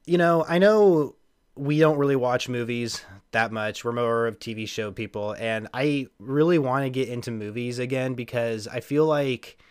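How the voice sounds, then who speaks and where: A man's voice: mid-range voice, clean tone. Laid-back man rambling on a podcast. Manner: rambling, laughs often, many restarts. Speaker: podcast host. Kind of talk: casual podcast chat.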